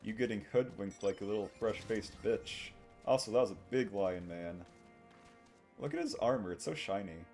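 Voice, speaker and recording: A male streamer talking casually to chat while playing a game, in a relaxed, low-key way. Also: moderate pace, faint music behind. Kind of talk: live game stream commentary.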